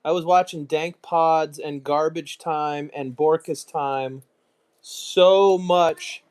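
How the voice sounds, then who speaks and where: A man's voice: on the high side, fairly even intonation, slow pace, a little mellow, clear, resonant tone. An American man chatting casually on a live stream, muttering asides and mocking himself as he goes. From United States. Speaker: streamer, card collector.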